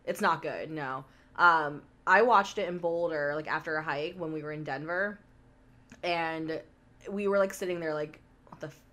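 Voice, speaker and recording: Chatty young woman, low voice. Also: normal speed, fairly bright tone. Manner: chatty, many "like" fillers, laughs often. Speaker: podcast co-host. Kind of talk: casual chat.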